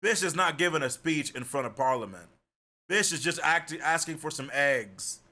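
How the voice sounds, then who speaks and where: A man's voice: fairly high pitch, normal speed. A young man streaming, chatting casually and swearing freely as he jokes with his viewers. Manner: joking, animated, swears freely. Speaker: livestreamer.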